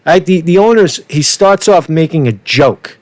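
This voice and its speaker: A man's voice: fairly high pitch, expressive, moderate pace, no room sound. A man doing ranting street commentary for his vlog, swearing a lot and tagging nearly every point with "right?". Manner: profane, keeps asking "right?". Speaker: street vlogger.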